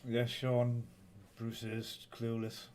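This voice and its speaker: A man's voice: mid-range voice, monotone, takes it slowly, a little mellow, a little hiss or hum. Chatty Northeast English man. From Northeast England. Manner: banters with viewers, rambling and teasing. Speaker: live-stream host. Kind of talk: casual live-stream chat.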